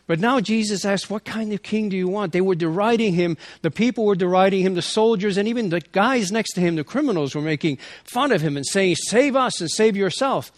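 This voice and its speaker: A man's voice: high voice, a little fast, few pauses, no echo, clean studio sound. A man reading the Gospel aloud and then preaching an earnest sermon that builds in intensity. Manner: earnest, rising in intensity, with restarts. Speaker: priest.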